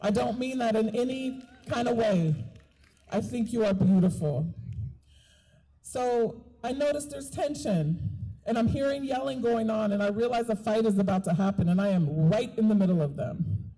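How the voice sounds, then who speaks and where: A woman's voice: on the high side, normal speed, warm tone, rough recording. A woman giving an impassioned outdoor protest speech, earnest and repeating key phrases for emphasis. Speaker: rally speaker and doula. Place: outdoor park rally.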